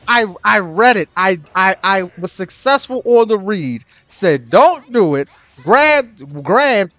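Animated, excitable gamer man ranting. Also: high voice, slow pace, few pauses, no room sound. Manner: swears often, loud exasperated outbursts. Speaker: gaming channel host. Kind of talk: ranked match commentary, ranting.

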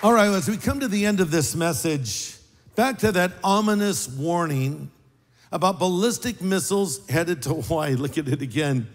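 A man preaching a sermon as pastor, in a conversational, joking way with big swings in pitch. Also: lively intonation, moderate pace, a faint crowd. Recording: live sermon with long hall reverb.

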